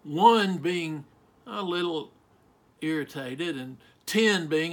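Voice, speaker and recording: A middle-aged male pastor preaching a sermon, slow and emphatic, asking the listeners rhetorical questions. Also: fairly high pitch, lively intonation.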